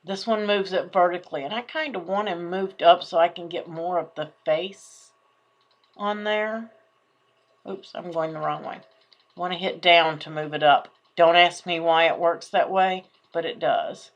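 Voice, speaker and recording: Lady doing a craft software walkthrough, kinda low voice, chatty, thinks out loud. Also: measured pace, lo-fi sound. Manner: chatty, thinking aloud while clicking. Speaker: crafting tutorial host. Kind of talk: screen-share craft tutorial.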